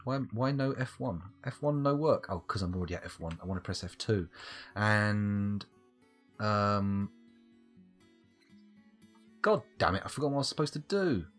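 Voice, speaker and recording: A man's voice: on the low side, lively intonation, moderate pace, pauses often, fairly bright tone, faint music behind. A man rambling through live gameplay commentary, talking to himself with self-mocking asides. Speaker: game streamer.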